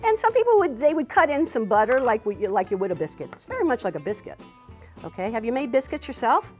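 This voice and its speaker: A woman's voice: on the high side, big pitch swings, quick pace, soft background music. A woman hosting a cooking demonstration, chatting to a student and using "wee" and "you know" as she goes. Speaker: cooking teacher and show host.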